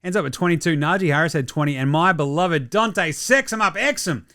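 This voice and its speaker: A man, hosting a casual basketball show and ranting about games and trades with plenty of swearing. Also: a little high. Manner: fast, sweary, excitable ranting. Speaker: host. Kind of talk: casual sports commentary.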